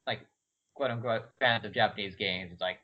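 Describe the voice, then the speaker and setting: A man's voice: lowish voice, brisk. A man talking hesitantly in a casual podcast chat, with many fillers. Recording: dull lo-fi audio.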